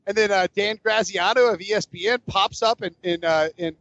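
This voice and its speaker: A man's voice: high-pitched, brisk, fairly bright tone, lo-fi sound. A man hosting a casual sports podcast, rambling and joking, often correcting himself mid-sentence. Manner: rambling, self-correcting, jokey. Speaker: podcast host.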